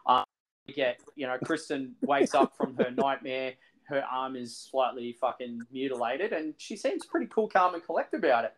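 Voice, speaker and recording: A man's voice: medium pitch, lively intonation, moderate pace, poor audio. A man co-hosting a casual podcast, recounting movie scenes with enthusiasm and plenty of swearing. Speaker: podcast co-host. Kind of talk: casual chat.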